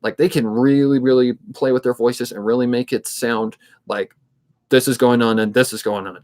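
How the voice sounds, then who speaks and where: At a moderate pace and ordinary middle pitch, a man in his twenties chats casually on a livestream. His delivery is steady and somewhat monotone, and he rambles and thinks aloud with lots of fillers, like a narrator of fan readings.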